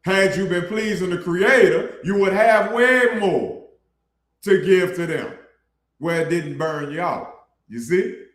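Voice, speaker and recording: A man delivers a casual street sermon with blunt, preachy force and plenty of slang. His voice sits slightly high for a man. The recording carries a noticeable room echo. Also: slow pace. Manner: blunt, preachy, colloquial, addresses listeners as bro. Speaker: street preacher hosting an online ministry.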